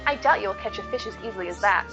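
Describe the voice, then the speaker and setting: A woman reading out a poised, formal young noblewoman from a game, prim and measured. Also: medium pitch, expressive, music in the background, close to an everyday voice, rough recording.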